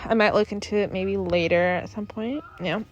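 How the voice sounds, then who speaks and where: A woman's voice: medium pitch, fairly even intonation, moderate pace, lo-fi sound. A young woman hosting her own podcast in casual chat, rambling and giggly, often trailing off into mumbles. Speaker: podcast host.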